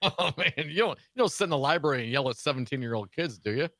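A man co-hosting a political talk radio show, playing the relaxed, joking sidekick. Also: mid-range voice, fast talker, no room sound, clean studio sound. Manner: laid-back, joshing sidekick.

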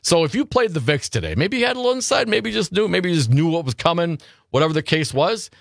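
Male radio host, animated and questioning, a bit high-pitched, dry studio sound. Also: quick pace, creaky, no echo. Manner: animated, rhetorical questions, repeats himself. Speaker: radio talk show host. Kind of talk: casual political talk radio.

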